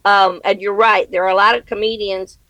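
Gravelly-voiced middle-aged woman comedian. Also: mid-range voice, fairly even intonation, brisk, a bit bright, no echo, poor audio. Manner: earnest and reflective, laughs easily, faith-centered. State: widowed. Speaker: comedian guest. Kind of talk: conversational interview answers.

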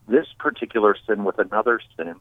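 A man's voice: fairly low pitch, a little fast, dry recording. A man calling in as a guest, talking in an emphatic, preaching way that builds to bold declarations. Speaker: call-in guest. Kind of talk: phone-in discussion, preaching. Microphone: phone. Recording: tinny phone line.

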